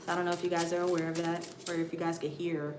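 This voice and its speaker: Speaking very fast in a lowish, flat-toned voice, this American woman reads tarot on a live stream. She comforts her audience with "honey" and "sweetheart" and keeps checking in with "okay?", all in an echoey room with a little background noise.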